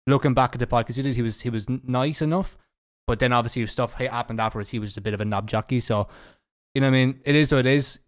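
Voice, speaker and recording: Fast-talking podcast host. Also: male voice, mid-range voice. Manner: quick, chatty, gossipy. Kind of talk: casual podcast chat.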